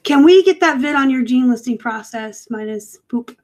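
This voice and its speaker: A woman's voice: sits high, expressive, normal speed, a little mellow, low-quality recording. A woman hosting a casual live stream from a room at home, chatty and rambling, with frequent fillers and self-corrections. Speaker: host of a live reselling show. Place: home room set up for work.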